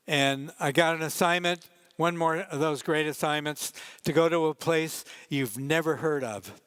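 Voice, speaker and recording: An older man giving a conference talk as a photojournalist, telling wry, relaxed anecdotes about his pictures with asides to the audience. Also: a little high, clear, resonant tone, no echo.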